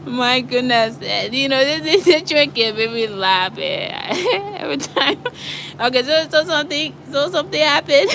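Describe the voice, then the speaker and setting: Young woman, casual vlog, apartment walkthrough, chatty, laughs often, bright voice, handheld phone. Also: a little high, moderate pace, a little hiss or hum. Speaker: vlogger. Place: indoors, walking through an apartment.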